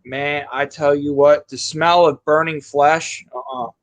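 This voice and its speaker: A man with a somewhat higher voice than most men tells a blunt work story, peppering it with "like" and "literally". He talks casually. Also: steady tone, a little slow. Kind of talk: casual chat.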